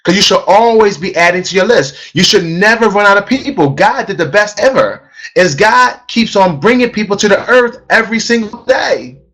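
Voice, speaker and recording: Guy running a sales webinar, fairly high voice, punchy, keeps repeating his points. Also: expressive, moderate pace, fairly bright tone. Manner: emphatic, repeats key phrases for stress. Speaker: sales trainer. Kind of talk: live online sales webinar.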